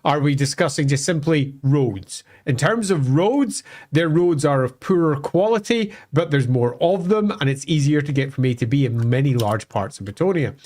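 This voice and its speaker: Guy cohost rambling through fantasy lore, slightly high voice. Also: lively intonation, moderate pace, few pauses, a little mellow. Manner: explanatory, thinks aloud with fillers. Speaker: co-host. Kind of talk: casual lore chat on a live stream.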